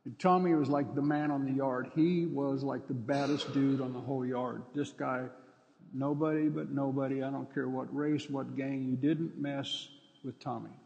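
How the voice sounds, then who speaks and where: A man preaching a sermon, telling stories and acting out dialogue with sudden loud outbursts. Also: medium pitch, steady tone, moderate pace, gravelly, big-room sound, highs cut off. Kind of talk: sermon with storytelling.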